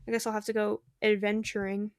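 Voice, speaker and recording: A young woman chatting casually while streaming a game, bubbly, giggly and easily excited, talking to friends in the game. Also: medium pitch, fairly quick, clean tone, no room sound, clean studio sound. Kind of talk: casual gaming stream chat.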